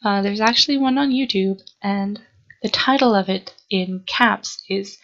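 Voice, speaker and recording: Earnest young woman rambling, gravelly voice. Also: medium pitch, a bit bright, muffled recording. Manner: earnest, halting, with frequent ums and restarts. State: sleepy, yawning. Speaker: vlogger. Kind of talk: unscripted rambling to camera. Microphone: camera mic.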